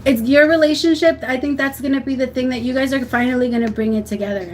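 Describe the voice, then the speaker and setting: A woman's voice: mid-range voice, a little mellow, slight background noise, poor audio. A young woman giving a tarot reading on a livestream, talking in a soothing, emotional way and often restarting her sentences. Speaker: tarot reader.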